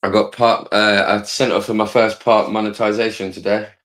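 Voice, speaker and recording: Man, low-key friendly chatter, low pitch, crisp bright timbre. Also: little pitch movement, normal speed. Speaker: fellow YouTuber on stream. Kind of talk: casual chat.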